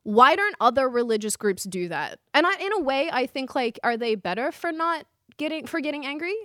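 A woman's voice: high voice, animated, a little fast, a bit bright, no echo, studio quality. Opinionated rambling woman host. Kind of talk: casual political commentary.

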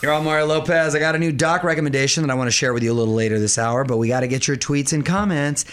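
Brief: male radio host, playful banter, a little higher than most men. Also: rapid-fire, slight background noise. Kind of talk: upbeat radio show hosting.

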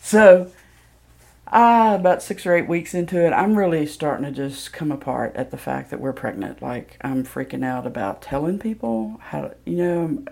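Lady spinning a candid story, gravelly mellow voice, lotsa ums. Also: deep voice, moderate pace. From Mississippi, USA. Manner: candid, self-deprecating, loose with fillers. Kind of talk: personal storytelling.

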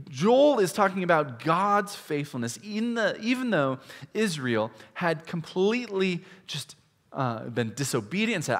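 A male pastor from Iowa preaching a conversational sermon, swinging between loud, emphatic stretches and hushed, low asides. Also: long reverb tail. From Iowa, USA. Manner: conversational, with restarts and direct questions to listeners.

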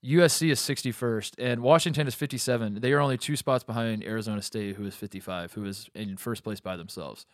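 A man's voice: lowish voice, fast talker, few pauses, no echo, studio quality. A young adult man co-hosting a sports podcast, chatty, with frequent restarts. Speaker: podcast co-host. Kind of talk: casual sports chat.

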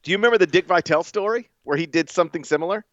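A man co-hosting a podcast, ranting emphatically in casual conversation. His voice sits a bit high for a man. The audio is dry and slightly dull, like a lo-fi recording. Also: rapid-fire, dry recording. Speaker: podcast co-host. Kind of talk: casual chat.

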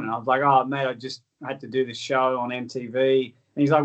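A man's voice: fairly high pitch, fairly even intonation, quick pace, poor audio. An Australian man, a guest author, earnestly telling stories in an interview, often repeating words as he starts his sentences. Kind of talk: conversational interview storytelling.

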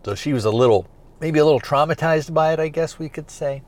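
A man's voice: fairly high pitch, quick pace. A man hosting a podcast, recapping a TV episode in a loose, rambling way with lots of fillers like "kinda" and "you know". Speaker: podcast host reviewing a TV series.

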